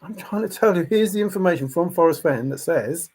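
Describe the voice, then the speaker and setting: A man's voice: high-pitched, expressive, brisk, hardly any pauses, darkish tone, husky. A man vlogger giving an emphatic, repetitive casual monologue, chuckling to himself now and then.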